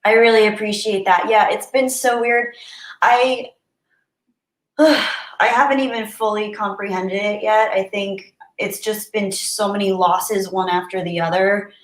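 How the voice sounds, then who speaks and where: A woman hosting a casual livestream, chatting warmly and reading viewer messages aloud. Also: mid-range voice, steady tone, unhurried. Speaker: livestream host. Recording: roomy echo.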